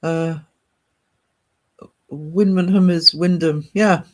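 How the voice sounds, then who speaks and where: A man talks casually on his art livestream. His voice sits slightly high for a man. He chats in a rambling way and reads out viewer comments as he goes. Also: fairly even intonation, slow.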